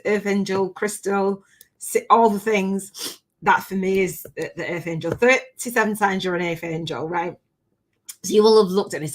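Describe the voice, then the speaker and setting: Woman, live-stream coach, gushing, animated, slightly low voice, emotional. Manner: gushing, animated, often laughing; emotional, near tears at times. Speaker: spiritual business coach hosting a live challenge.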